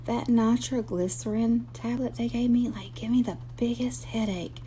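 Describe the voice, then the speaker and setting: A woman's voice: on the high side, fairly even intonation, moderate pace, dark tone, slight background noise, rough recording. A tired woman chatting casually to camera from a hospital room, in a folksy, rambling way. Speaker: vlogger.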